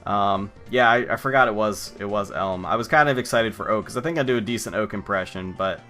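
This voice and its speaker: A man's voice: fairly low pitch, brisk, bright, forceful tone, faint music behind. A young adult man giving casual, sarcastic commentary on a game he is playing, joking and talking back to the characters. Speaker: let's play commentator.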